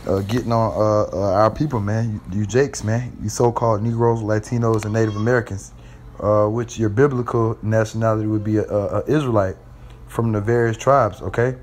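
A man's voice: fairly low pitch, a little mellow, slight background noise. Rambling man preaching in street slang. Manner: rambling, peppers phrases with "man" and "all right?"; blunt street slang with profanity. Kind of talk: informal sermon.

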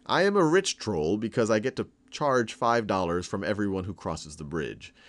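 A man's voice: on the low side, animated, normal speed. A man voicing a pompous, self-satisfied male bridge troll in a playful math-lesson story. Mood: boastful. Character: rich, boastful male bridge troll demanding tolls.

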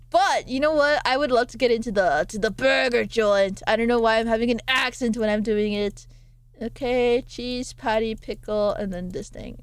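A woman's voice: a little high, no echo. A woman streaming a game, chatting casually and playfully, rambling with frequent laughs.

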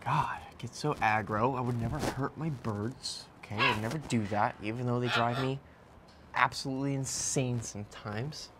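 A man casually vlogging outdoors as he tends his birds, loose and slangy, breaking into a high cooing voice when he talks to them. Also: moderate pace, background noise. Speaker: vlogger, bird keeper. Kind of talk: casual vlog chat. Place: outdoor backyard cage area.

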